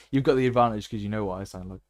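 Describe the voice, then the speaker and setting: A man chatting over a game stream in a low voice, joking with his audience and laughing often. The sound is dry and close to the mic. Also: no room sound. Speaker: gaming streamer. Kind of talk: live gameplay commentary.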